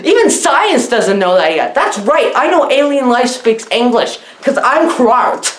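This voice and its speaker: Rambling high-voiced woman reviewer, echoey. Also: very animated, unhurried, slight background noise. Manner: rambling, repeats "what? what?" and "y'all". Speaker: parody movie reviewer. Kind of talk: comedic rambling movie review.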